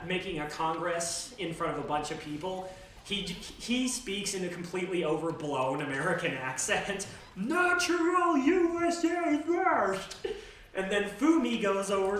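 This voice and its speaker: A game streamer chats casually and rambles, often restarting sentences and laughing. The voice sits at a middle pitch and sounds far from the mic. A very echoey room carries clear background noise. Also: normal speed. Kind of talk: casual chat while gaming.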